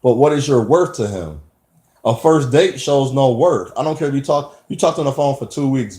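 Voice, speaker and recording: A man's voice: medium pitch, animated, normal speed, warm tone, echoey room. A man talking emphatically in a rambling personal monologue, often restarting his sentences. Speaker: vlogger.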